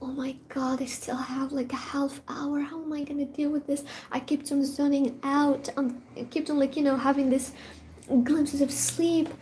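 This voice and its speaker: A young woman and university student, a non-native English speaker, telling a rambling, animated story in casual chat, sometimes dropping into whispers. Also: sits high, normal speed, slight background noise. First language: not English. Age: young adult.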